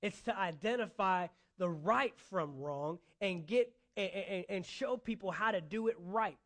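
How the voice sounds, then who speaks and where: A man's voice: sits high, measured pace, fairly bright tone. A man preaching a sermon as a pastor, earnest, with rising emphasis, quoting imagined dialogue.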